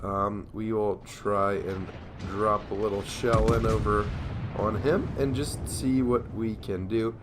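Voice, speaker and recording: A man's voice: fairly low pitch, fairly even intonation, slow pace, background noise. Sleepy, yawning young man commentating gameplay. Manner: sleepy, yawning, rambling self-deprecating.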